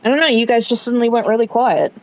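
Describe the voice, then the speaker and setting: A woman's voice: a little high, fast, dull audio. A woman playing a tabletop game over a video call, brash, profane and teasing. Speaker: player. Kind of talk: casual tabletop play.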